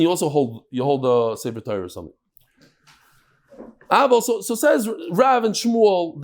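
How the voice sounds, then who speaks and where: Male Talmud teacher, high voice, animated classroom delivery that mixes in Aramaic terms. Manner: lively, mixes Hebrew-Aramaic terms into English, jokes with listeners.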